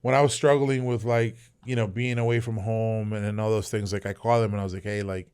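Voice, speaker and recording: Ex-soldier guest, thirties, from South Texas; cursing, animated storyteller. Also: male voice, on the low side, quick pace, clear, resonant tone. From South Texas, Rio Grande Valley. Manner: animated, profane, laughs through his stories. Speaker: guest, veteran. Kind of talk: casual storytelling.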